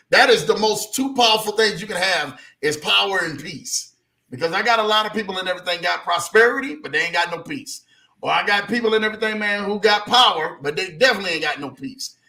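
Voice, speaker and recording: A man's voice: high voice, a little fast, bright, forceful tone. A man hosting a talk show, enthusiastic and affirming, speaking loosely and casually. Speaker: host.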